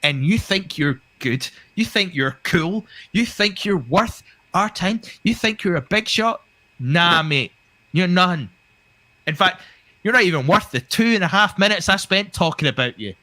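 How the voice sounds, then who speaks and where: A man's voice: sits high, animated, measured pace, pushed and bright, no echo. A man co-hosting a wrestling podcast, talking with a heated, profane, ranting delivery. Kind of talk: casual podcast chat.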